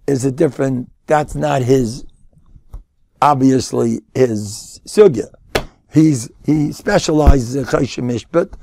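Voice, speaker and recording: An older man giving a Torah lecture, emphatic and repetitive, rising into loud insistent bursts. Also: a little high, gravelly, dry recording, studio quality. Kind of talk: sermon-style Torah lecture.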